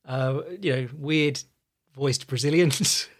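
Posh English man, podcast host, fairly high voice, loose chatty delivery, casual swearing. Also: measured pace, a bit bright. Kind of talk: casual solo podcast talk.

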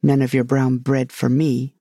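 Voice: medium pitch, flat delivery, a little slow, dark tone, husky, no echo, studio quality. A narrator voicing a proud, dreamy male unicorn in a storybook reading, speaking carelessly and loftily. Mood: haughty. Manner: careless, lofty.

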